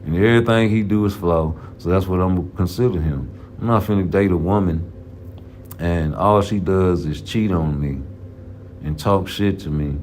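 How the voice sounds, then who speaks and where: A man's voice: low voice, moderate pace, a little mellow, a little hiss or hum. A man giving casual, profane, rambling boxing commentary in a vlog. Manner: profane, rambling, slang-heavy. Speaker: boxing vlogger. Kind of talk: casual trash-talking commentary.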